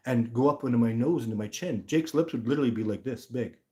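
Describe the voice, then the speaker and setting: A man from Canada hosts a live stream and answers viewer comments as they come in. He talks freely in a blunt, emphatic way, and his voice sits at a middle pitch for a man. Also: quick pace, warm tone. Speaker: livestream host.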